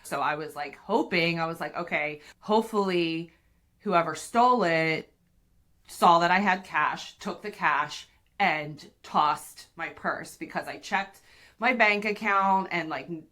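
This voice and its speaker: A woman in her thirties tells a personal story on her podcast, casual and unfiltered, with plenty of swearing. Her voice is bright and a little forceful, sitting on the lower side. She acts out her own lines as she goes. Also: unhurried. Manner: candid, profane, animated retelling with acted-out quotes. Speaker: podcast host.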